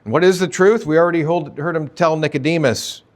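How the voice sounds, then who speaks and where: Man, pastor, expository sermon, conversational, rhetorical questions, slightly high voice. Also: fairly quick.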